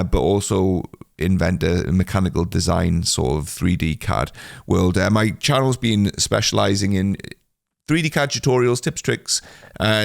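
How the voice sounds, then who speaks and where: Gravelly low-voiced man rambling casually. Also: no echo, studio quality. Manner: rambling, self-deprecating, many filler sounds. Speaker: podcast host. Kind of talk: casual solo podcast chat.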